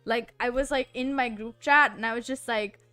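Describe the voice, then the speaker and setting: A woman's voice: fairly high pitch, fairly even intonation, moderate pace, sharp tone, clear, resonant tone, soft background music. A woman streamer in casual chat, rambling with lots of "like" and frequent giggles. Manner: giggly, rambling, heavy use of filler "like".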